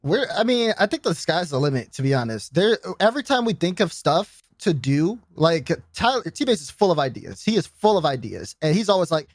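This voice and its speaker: A man's voice: fairly high pitch, brisk, hardly any pauses, dry recording, studio quality. A young man, a guest on a podcast, telling stories in casual chat and quoting other people as he goes. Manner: storytelling, animated, fond of quoting others.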